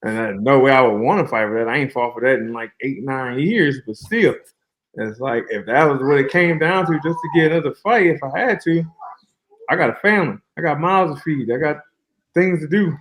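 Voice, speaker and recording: A man speaking as a guest fighter in a casual interview, relaxed and colloquial, telling long flowing stories over a remote call. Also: medium pitch, fairly quick.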